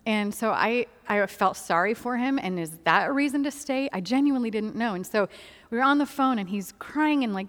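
A woman telling a personal faith testimony, candid and earnest, laughing softly now and then between many fillers. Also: a little high, expressive, a little fast, big-room sound. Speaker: speaker sharing a personal testimony.

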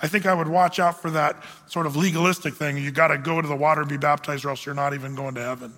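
A man's voice: fairly high pitch, steady tone, quick pace, sharp tone. A man preaching as pastor, teaching through a Bible passage in a conversational way, with frequent ums and questions put to the congregation. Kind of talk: verse-by-verse Bible teaching sermon. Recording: long hall reverb.

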